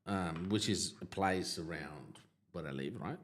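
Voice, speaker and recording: A male livestream host tells a personal story in a casual, halting way, with lots of fillers and restarts, laughing at his own tale. His voice sits low.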